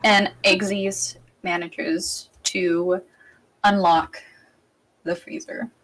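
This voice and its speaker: A woman's voice: on the low side, flat delivery, very slow, a bit bright, poor audio. A woman narrating a tabletop game as game master, in a casual and rambling way. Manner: casual, rambling, with frequent restarts.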